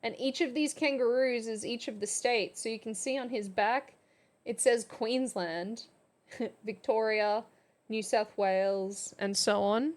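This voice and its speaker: A woman's voice: on the high side, expressive, takes it slowly, pauses often, a bit bright. Giggly Australian woman streamer. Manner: giggly, chatty, playful. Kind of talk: casual history lesson on a live stream.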